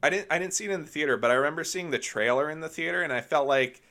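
Bright-voiced man rambling about films. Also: on the high side, racing. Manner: rambling, filler-heavy, enthusiastic. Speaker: podcast co-host. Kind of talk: casual film chat.

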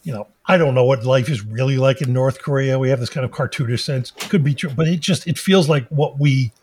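A man's voice: mid-range voice, darkish tone, breathy edge, dry recording. A man co-hosting a podcast in casual chat, sarcastic and joking. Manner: sarcastic, quick jokey asides. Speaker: podcast co-host.

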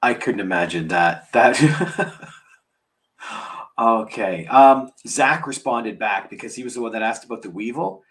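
A man co-hosting a podcast, quietly reading out listener questions and messages. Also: medium pitch, animated, unhurried. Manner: quiet, reads questions aloud. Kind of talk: casual chat.

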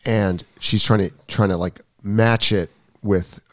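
A man talking as a tennis coach in a casual podcast chat, telling an animated story and acting out what was said. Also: lowish voice, slow pace, no echo, studio quality. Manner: animated storytelling, acts out quotes.

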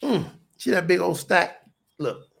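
A man's voice: sits high, big pitch swings, measured pace, gravelly, a bit bright. A middle-aged man, preaching in an emphatic, repetitive, folksy way during a livestream sermon to online viewers.

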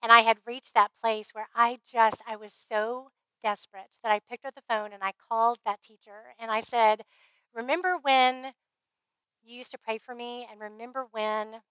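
A woman speaker at a conference, telling her faith story in an earnest, heartfelt way, often trailing off softly. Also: on the high side, steady tone, moderate pace, no room sound, poor audio. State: briefly emotional. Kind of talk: faith testimony talk.

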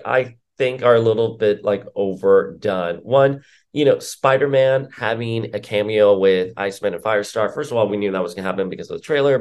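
A man's voice: fairly low pitch, darkish tone. A man giving casual, opinionated commentary as a comic book reviewer, rambling with filler words.

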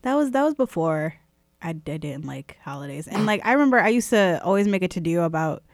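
A woman's voice: on the low side, lively intonation, fairly quick, no room sound, clean studio sound. Wry young woman telling stories. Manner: storytelling, jaded and wry. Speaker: podcast co-host. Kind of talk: casual chat, storytelling.

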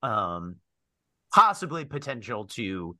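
A man's voice: lowish voice, very animated, slow, bright, forceful tone, no echo, studio quality. A man acting as game master, describing the scene in a hesitant way with many fillers. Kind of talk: narrating a tabletop game.

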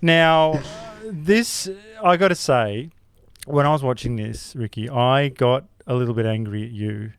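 A man's voice: mid-range voice, unhurried, clear, resonant tone, no echo. A man co-hosting a comedy podcast, rambling and mock-outraged, laughing along. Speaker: podcast co-host. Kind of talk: casual comedic podcast chat.

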